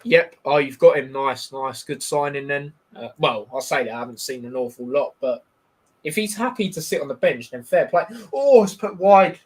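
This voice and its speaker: A man's voice: mid-range voice, moderate pace. A man hosting a live football watchalong, chatting in a rambling, bantering way with lots of fillers and calling the match as it goes. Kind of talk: casual live-stream chat with match commentary.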